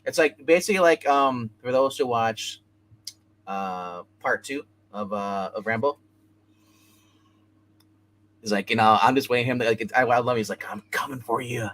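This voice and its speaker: A man with a bright, forceful voice reviews comics in a loose, rambling way. He retells the scenes and drops into quick snippets of dialogue as he goes. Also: medium pitch, a little hiss or hum, rough recording. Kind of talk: casual comic book review.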